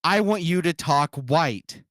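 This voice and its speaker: A male streamer pressing hard with short demands and mocking asides. His pitch swings in a lively way. The sound is dry and close, with no room echo. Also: slow. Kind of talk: live stream chat.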